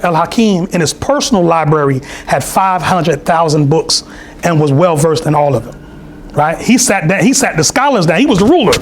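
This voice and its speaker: A man's voice: on the high side, animated, moderate pace, a little hiss or hum. A man giving a loose, storytelling sermon with lots of asides and fillers at a temple meeting. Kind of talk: conversational sermon. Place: temple hall.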